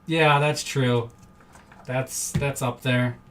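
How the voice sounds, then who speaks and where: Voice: medium pitch, fairly even intonation, takes it slowly, distant mic, slight background noise. A card-break host from Wisconsin, chatting casually and rambling on a live stream indoors. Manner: chatty, rambling, easily amused. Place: indoor room.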